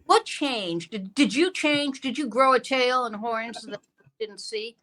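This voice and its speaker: A woman interviewer with a bright, forceful tone and a fairly high pitch. She presses her points with repeated phrases and questions. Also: animated, measured pace, poor audio. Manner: emphatic, repetitive, pressing questions. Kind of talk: conversational interview.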